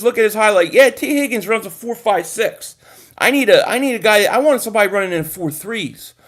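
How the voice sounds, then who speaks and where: A man hosting a casual sports livestream, talking straight to viewers, animated and swearing freely. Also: sits high. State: groggy from a nap. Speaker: livestream host reading chat.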